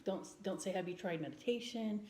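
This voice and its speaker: A woman vlogger in casual chat, speaking earnestly and gently with frequent ums and restarts. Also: mid-range voice, brisk, a little hiss or hum. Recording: roomy indoor echo.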